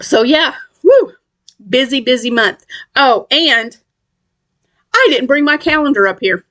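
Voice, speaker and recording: A woman's voice: high voice, expressive, a little slow, sharp tone. A middle-aged woman from West Tennessee, chatting casually about her crochet projects and rambling with lots of ums and restarts. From West Tennessee, USA. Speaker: crochet channel host. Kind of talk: casual craft vlog chat.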